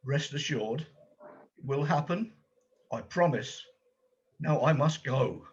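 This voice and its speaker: A man's voice: mid-range voice, slow pace, husky, muffled recording, heavily acted. A man playing an anxious, kind-hearted volunteer gallery guide who hesitates and stumbles over his words, in an amateur stage drama.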